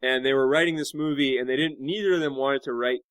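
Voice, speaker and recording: A man joining a podcast panel as a guest, telling jokey, animated stories with many fillers. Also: medium pitch, fast, smooth, no echo. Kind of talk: casual panel discussion.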